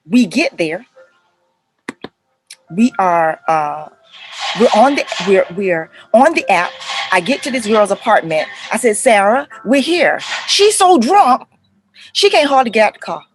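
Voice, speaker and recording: A middle-aged woman, a counselor telling stories to parents in a lively, conversational way and acting out the voices. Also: mid-range voice, moderate pace, poor audio. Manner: animated retelling, acts out voices, addresses viewers as y'all. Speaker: counselor and life coach speaking to parents. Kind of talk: casual talk to camera, storytelling.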